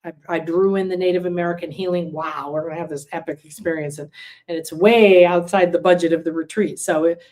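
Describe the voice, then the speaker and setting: Her voice is lowish and darkish, with fairly even intonation and a brisk delivery. As a spiritual teacher hosting a casual live online class over a computer setup with screen sharing, she chats and rambles through stories, often using fillers and restarting sentences while she reads out and answers viewer comments.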